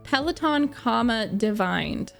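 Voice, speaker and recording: A young woman streamer chatting casually with live viewers, gushing, animated and laughing often as she answers their comments. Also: fairly high pitch, takes it slowly, vocal fry, faint music behind. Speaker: streamer reacting to a book series.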